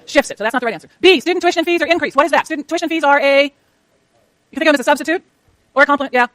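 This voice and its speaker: A woman lecturing a university economics class, rushing through clicker questions and talking to herself as she works her slides. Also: sits high, a bit bright, dry recording. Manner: rapid, chatty, self-talk while working slides. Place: lecture hall.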